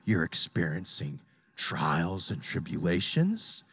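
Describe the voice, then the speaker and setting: A preacher doing Satan, low and taunting. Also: very animated, takes it slowly, a bit bright, breathy edge, no room sound, full character voice. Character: lying, sneering devil tempter.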